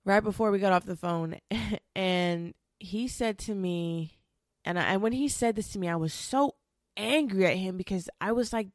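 A woman's voice: mid-range voice, normal speed, no room sound, studio quality. A woman telling a personal story in a candid, rambling way, emotional and swearing freely, with many restarts.

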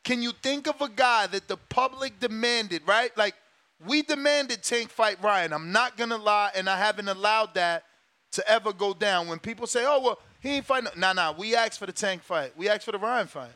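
High, bright-voiced man ranting. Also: moderate pace, no room sound. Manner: emphatic, profane, repeats himself. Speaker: boxing show host. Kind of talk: casual talk show rant.

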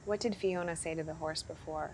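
A woman's voice: low-pitched, steady tone, fairly quick, darkish tone, a little hiss or hum. A woman host interviewing a guest, asking questions with brief encouraging prompts. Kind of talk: conversational interview.

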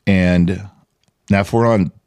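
In a dry recording, a man with a smooth, low-pitched voice takes his time as he co-hosts a podcast. He narrates a story in relaxed conversation, full of profanity and lively energy, and loudly acts out the things people said.

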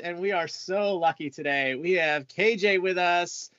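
A woman's voice: fairly low pitch, measured pace, dry recording, highs cut off. A woman hosting a podcast, chatting casually and reacting expressively. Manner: expressive, laughs often. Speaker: podcast host.

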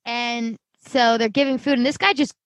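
A woman's voice: on the high side, steady tone, normal speed, a bit bright, dry recording. A woman co-hosting a podcast, playfully recapping a show in casual chat. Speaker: podcast co-host.

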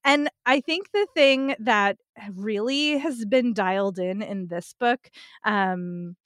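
A woman's voice: medium pitch, slow, a bit bright, dry recording, clean studio sound. A woman co-hosting a book podcast, gushing about a novel in casual chat and repeating her points for emphasis. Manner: enthusiastic, emphatic repetition. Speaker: podcast co-host.

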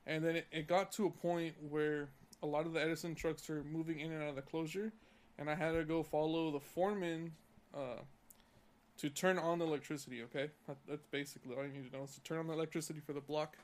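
A man's voice: a little high, steady tone, quick pace, darkish tone. A young man from California on a casual podcast, telling a profane, heated story about work. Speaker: podcast co-host.

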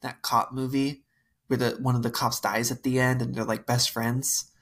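This young podcast co-host tells a wild dating story in casual chat, animated and full of fillers as he acts out quotes. His voice is mid-range and husky, moving at a normal speed.

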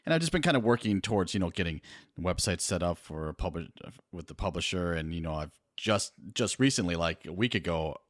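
A man guesting on a podcast as an author, chatting in a relaxed, rambling and self-deprecating way. His voice sits fairly low. The sound is dry and close. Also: a little fast, dry recording. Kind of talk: casual podcast chat.

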